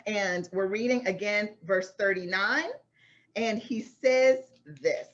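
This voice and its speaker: A woman's voice: mid-range voice, takes it slowly, fairly bright tone, highs cut off. A woman coaching a class through a Bible passage in a casual, conversational way, often checking in with "right?". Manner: conversational, keeps asking "right?". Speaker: faith-based success coach teaching a class.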